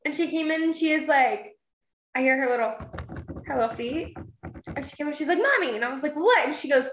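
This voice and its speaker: A woman with a fairly high voice talks casually and laughs often, acting out other people's lines in a lively, exaggerated way. The room around her rings with a noticeable echo. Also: a little fast, a little hiss or hum. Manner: giggly, animated, acts out quotes in a high voice. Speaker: mom and podcast guest. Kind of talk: casual chat. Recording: echoey room.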